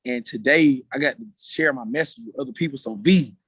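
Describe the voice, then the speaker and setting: A man speaking on a video call at a middle pitch, with a dry, close sound and no room behind him. He talks in an earnest, slangy way, choked up but holding it in. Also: fairly quick, a bit bright, slightly rough, no echo. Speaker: meeting guest speaker. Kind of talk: casual video-call talk.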